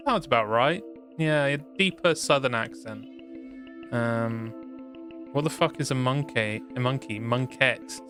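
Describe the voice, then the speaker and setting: A man's voice: mid-range voice, a little slow, a bit bright. A man chatting loosely as he streams a game, rambling and self-deprecating. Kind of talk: gaming stream commentary. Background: game music.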